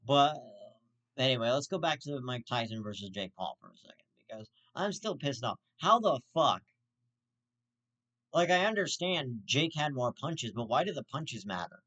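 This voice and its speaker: A man hosting his own vlog, ranting with constant swearing and sudden outraged jumps in pitch. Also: lively intonation, normal speed, fairly bright tone, highs cut off. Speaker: host. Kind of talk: profane vlog rant.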